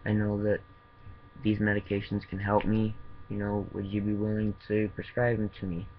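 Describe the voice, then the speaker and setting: A man speaking earnestly in a personal video diary, halting and full of fillers. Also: fairly low pitch, monotone, lo-fi sound, a little hiss or hum. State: tearful, voice breaking. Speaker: vlogger in opiate recovery.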